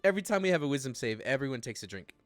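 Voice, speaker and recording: A man's voice: mid-range voice, very animated, racing, dry recording. A man running a streamed tabletop game as game master, laughing often and trying to keep his players in order.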